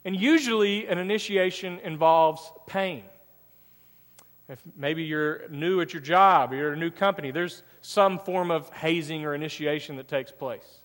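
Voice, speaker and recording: Unhurried and a bit bright, this pastor's voice leans high as he tells a personal story in his sermon, chatting casually and voicing the dialogue. The church hall adds a long reverb.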